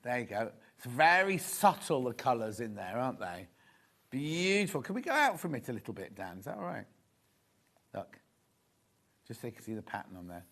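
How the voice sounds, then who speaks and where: A man's voice: mid-range voice, very animated, moderate pace, a bit bright. A man presenting fabrics on a live shopping channel in a TV studio, chatty and rambling, with gossipy asides. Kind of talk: live TV selling chat.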